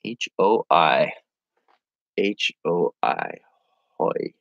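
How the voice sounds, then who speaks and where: Low-voiced guy rambling on a live stream, goofy, reads out comments, dry kinda muffled audio. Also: lively intonation, extremely slow, gravelly, no echo. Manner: rambling, jokey, reads viewer comments aloud; silly, playful with sudden high-pitched bursts. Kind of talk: casual live-stream chat.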